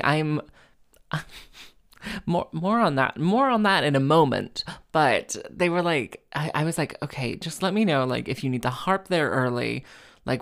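A woman, a harpist, telling a story to camera in a rambling, self-interrupting way, with many fillers, restarts and wry acted-out quotes. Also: sits low. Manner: wry, acts out other people's lines.

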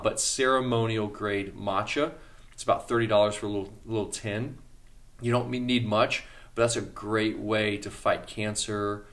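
A man who is a health practitioner, chatting on a health podcast and telling a story with excitement, often laughing as he talks. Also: fairly low pitch, vocal fry. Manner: excitable storytelling, laughs through his words. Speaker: health practitioner and regular expert on a health show. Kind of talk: casual podcast chat.

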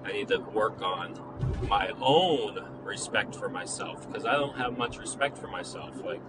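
A man's voice: on the low side, unhurried, loud music behind the voice. A young man casually telling a personal story, rambling with lots of "like" and acting out both sides of past conversations. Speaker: vlogger. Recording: steady traffic and vehicle noise outdoors.

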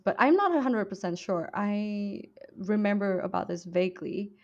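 Woman, casual podcast chat, hesitant, hedging, mid-pitched, slightly muffled sound. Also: expressive, normal speed. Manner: hesitant, hedging, restarts with fillers.

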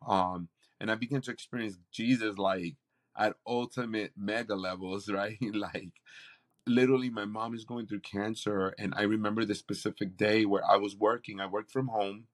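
A man, a campus pastor, telling a personal testimony in conversation, animated and acting out what others said. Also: fairly low pitch, moderate pace. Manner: animated storytelling, acts out quoted voices.

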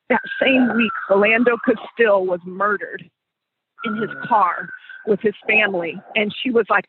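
A man's voice: high voice, fairly even intonation, moderate pace, background noise. A man hosting a podcast, telling a story in a conversational way and repeating phrases for emphasis. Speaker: podcast host. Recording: dry, phone-like sound.

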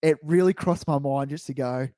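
A young Australian man, co-hosting a podcast, tells a story in casual chat, laughing and acting out quotes with animation. His voice is on the high side at a moderate pace, in a dry, studio-quality recording.

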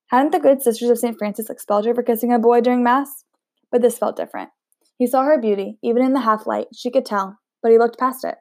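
A woman reading a novel aloud in a steady voice, with chatty asides. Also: fairly high pitch, dry recording, studio quality. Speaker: audiobook reader.

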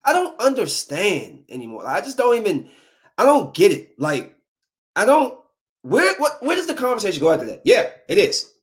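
A man's voice: high voice, huge pitch swings, moderate pace. A young adult man delivering a comic monologue, full of incredulous rhetorical questions. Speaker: comedian. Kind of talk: stand-up style comic monologue.

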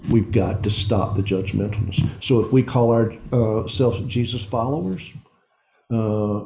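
Earnest middle-aged man, mellow voice. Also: medium pitch. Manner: earnest, confessional, slows down on emotional points. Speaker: men's group speaker. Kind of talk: heartfelt talk to a men's group.

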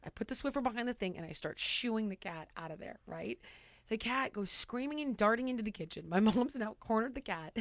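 A woman hosting a podcast, telling a story in casual chat, animated and acting out quotes loudly. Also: mid-range voice, dry recording, muffled recording. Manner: animated, breaks into laughter, acts out quotes loudly. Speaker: podcast host.

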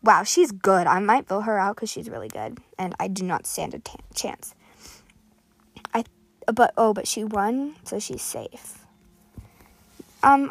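A female gaming creator giving excited live commentary, rattling off items quickly and sometimes dropping to a whisper. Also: medium pitch, gravelly, husky, dry recording. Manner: excitable, calls out items rapidly, drops to whispers.

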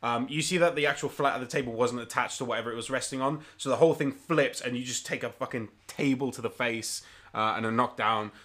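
A man's voice: mid-range voice, fast, pushed and bright. A man narrating a tabletop game as game master, casual and full of ums and swearing.

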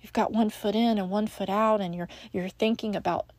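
A woman's voice: medium pitch, fairly even intonation, a little fast, a little mellow, no room sound. A woman hosting a devotional podcast, speaking earnestly and encouragingly to the listener as a friend. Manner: frequent restarts and fillers. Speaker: podcast host.

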